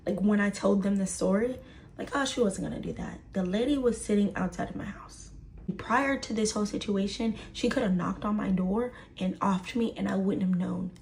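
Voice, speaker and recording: A woman's voice: medium pitch, moderate pace, a little mellow. A woman telling a personal story to the camera, stressing points by repeating words. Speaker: storyteller in a shared clip.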